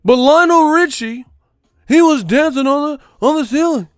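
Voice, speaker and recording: A man voicing a whiny, high-pitched man who deflects every question with shrill, indignant interjections. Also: moderate pace, no echo, studio quality, faint music behind.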